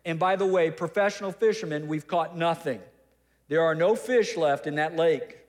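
A man voicing a tired, exasperated male fisherman who loudly protests to the crowd. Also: on the high side, normal speed, natural voice. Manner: loud, defensive, playing to the crowd.

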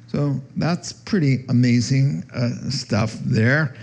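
Slow, husky-voiced male pastor preaching. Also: expressive, a little mellow. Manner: conversational, acts out quoted voices with rising pitch. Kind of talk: sermon teaching.

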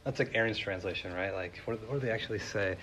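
A man's voice: fairly low pitch, quick pace, fairly bright tone. A man preaching a sermon, retelling a story in a casual, chatty way with many fillers. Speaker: pastor.

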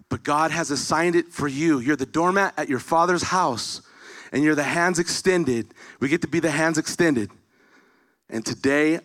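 A man preaching at a missions event, telling a personal story with acted-out dialogue before turning to encouragement. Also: on the high side. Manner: animated storytelling, acting out dialogue. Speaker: speaker. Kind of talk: storytelling sermon.

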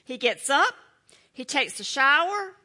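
A middle-aged woman delivers a sermon with a bright, forward voice. Her pitch swings widely as she drives her points home. She stays emphatic and breaks into playful asides to her listeners. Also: very animated, unhurried. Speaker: preacher.

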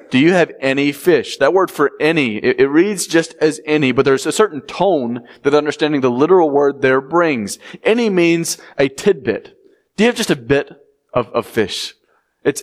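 Conversational male preacher, animated. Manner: conversational preaching, acts out quotes with rising pitch. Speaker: pastor. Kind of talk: sermon.

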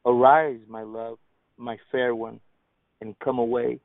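A man on a podcast panel reading Bible verses aloud in a measured way. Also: medium pitch, little pitch movement, gravelly, no echo. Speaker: scripture reader on a podcast panel. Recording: dry, phone-like sound.

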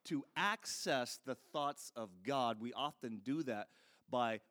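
A man's voice: mid-range voice, takes it slowly, fairly bright tone. A man preaching a sermon in a conversational, storytelling way, speaking straight to his listeners. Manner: earnest, conversational, addresses the audience directly.

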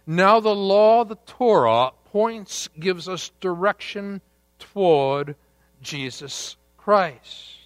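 A man preaching a sermon, deliberate and emphatic, with dramatic pauses. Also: sits high, expressive, dry recording. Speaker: pastor.

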